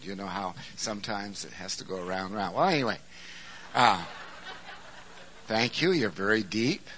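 A man preaching a sermon, swinging from quiet explanation to shouted emphasis. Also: fairly low pitch, a little hiss or hum, rough recording.

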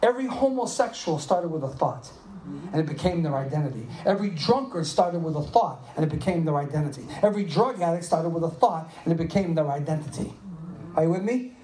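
A man in his seventies preaching a sermon, telling animated personal stories and checking in with the listeners. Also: fairly high pitch, brisk, a little hiss or hum. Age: 70s. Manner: animated storytelling, asks "Are you with me?". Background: audience responding.

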